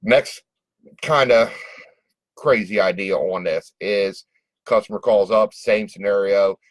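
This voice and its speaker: A man's voice: fairly low pitch, takes it slowly, dry recording, rough recording. A man giving casual, direct business advice and acting out customer phone calls in a folksy way. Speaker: small business coach.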